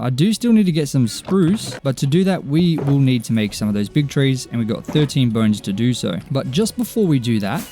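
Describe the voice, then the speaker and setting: Young male gamer voice-over, relaxed mellow tone, easygoing self-mocking chatter over faint music. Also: mid-range voice. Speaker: gaming YouTuber. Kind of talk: casual gameplay commentary.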